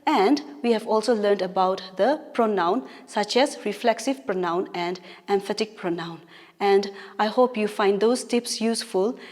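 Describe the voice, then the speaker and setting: A woman's voice: medium pitch, a little slow, a little mellow. Naga woman teacher in an echoey room. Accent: Naga English. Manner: patient, explaining with frequent "all right?" checks. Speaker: English teacher. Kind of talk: classroom lesson. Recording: reverberant room with long echo.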